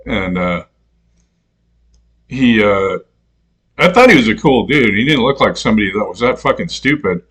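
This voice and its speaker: A man's voice: on the low side, lively intonation, moderate pace, pauses often, fairly bright tone, husky. Rambling, swearing man telling stories. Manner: rambling, swears freely, laughs at his own stories; mimics other people in quoted voices. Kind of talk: casual profane storytelling rant.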